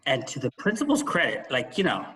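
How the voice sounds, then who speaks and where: A man co-hosting a podcast, telling a school story in a casual chat, with quick asides and laughing at himself. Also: medium pitch, wildly swooping pitch, fairly bright tone. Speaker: podcast co-host and former school administrator.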